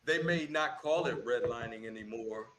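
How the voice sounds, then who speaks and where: A man's voice: medium pitch, moderate pace, fairly bright tone, rough recording. A man in a casual debate who presses his point insistently and often repeats words.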